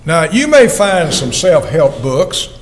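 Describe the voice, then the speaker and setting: Folksy older man preaching, lively pitch. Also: slow pace, low-quality recording. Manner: earnest, folksy, asks the congregation questions. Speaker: evangelist preacher. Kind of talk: sermon.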